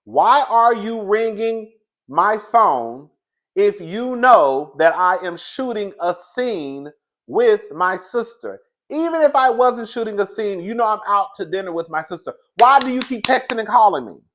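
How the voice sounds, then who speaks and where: An irritated young woman scolds her husband in a loud, shrill voice, as a man puts her on. Her voice climbs high and the words come out slow and pointed. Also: expressive. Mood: exasperated. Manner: exasperated, shrill.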